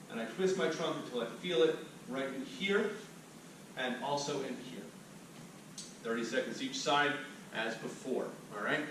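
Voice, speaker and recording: In a very echoey room with the mic at a distance, a man with a fairly high, fairly bright voice leads cool-down stretches as a fitness instructor. He's upbeat, talking the viewer through each step while demonstrating, with slight background noise.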